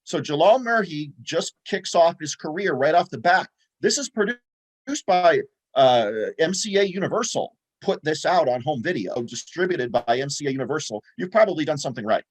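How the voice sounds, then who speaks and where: A man's voice: fairly high pitch, lively intonation, moderate pace. A man co-hosting a movie podcast, rambling casually with lots of fillers and restarts. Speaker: podcast co-host.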